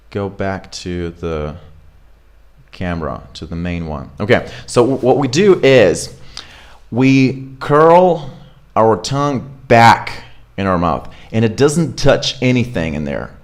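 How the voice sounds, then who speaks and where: A man coaching English pronunciation in a casual, chatty way, full of fillers and check-ins, filmed on camera. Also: fairly low pitch. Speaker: accent coach. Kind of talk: pronunciation lesson. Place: home studio with camera.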